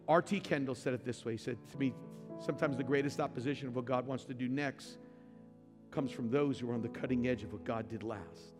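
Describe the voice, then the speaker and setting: A man's voice: mid-range voice, brisk. A middle-aged male pastor preaching a sermon, building to emphatic, repeated lines. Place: church sanctuary. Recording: long hall reverb with faint music.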